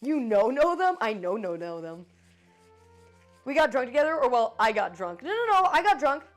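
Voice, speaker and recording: A woman's voice: fairly high pitch, very animated, normal speed, faint music behind. A woman streamer in casual live chat with her viewers, swearing freely and swinging between joking and apologizing.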